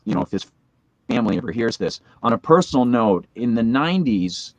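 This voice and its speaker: A man's voice: mid-range voice, big pitch swings, fairly quick, no room sound. A man in his forties, a guest in a casual chat, telling a long story full of fillers and asides. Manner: rambling anecdotal storytelling with many fillers.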